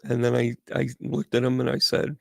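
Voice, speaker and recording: A man's voice: mid-range voice, little pitch movement, normal speed, vocal fry, no room sound, clean studio sound. A middle-aged man, hosting and telling a rambling story in a chatty way, with frequent restarts. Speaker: host, medium. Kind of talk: casual storytelling to a live audience.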